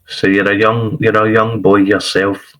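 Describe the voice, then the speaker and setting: A man's voice: on the low side, little pitch movement, measured pace, fairly bright tone, poor audio. A man hosting a podcast, asking casual questions with stammering restarts. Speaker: podcast host.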